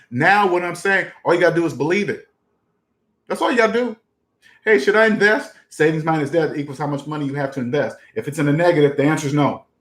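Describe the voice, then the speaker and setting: A man's voice: on the high side, fairly bright tone, reverberant. A man hosting a personal finance talk, speaking emphatically, repeating catchphrases and firing off rhetorical questions. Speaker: personal finance channel host. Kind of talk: casual direct-to-camera talk.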